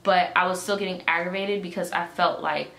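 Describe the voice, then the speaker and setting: A woman's voice: lowish voice, brisk. A young woman telling a vlog storytime, swearing and acting out both sides of a conversation, with a swollen, aching jaw. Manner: exasperated, profane, animated retelling with quoted dialogue. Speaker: vlogger. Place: indoor room, at home. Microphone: camera mic. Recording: echoey room, faint ambient noise.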